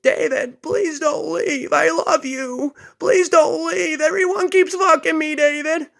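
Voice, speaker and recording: A man voicing a sick, desperate woman who sobs and pleads in a high wail. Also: lively intonation, unhurried, creaky, sharp tone, full character voice. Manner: high wailing, crying pleas. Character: sick young woman, desperate, sobbing, clinging.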